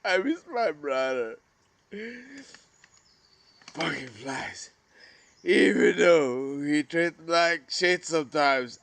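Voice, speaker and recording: A man pours out his grief to the camera in a slow, unhurried ramble full of curses. He lurches from raised, cracking outbursts to hushed murmurs. The sound is dry and close, with crickets and insects around him outdoors. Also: a little high, expressive, creaky, no echo. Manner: grieving, rambling, swearing, swings from loud outbursts to near whispers. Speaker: vlogger. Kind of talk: emotional personal monologue.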